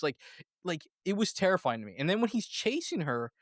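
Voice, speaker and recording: A man hosting a casual movie review podcast, animated and laughing often as he acts out quotes. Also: sits high, brisk, no echo, clean studio sound. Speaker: podcast host.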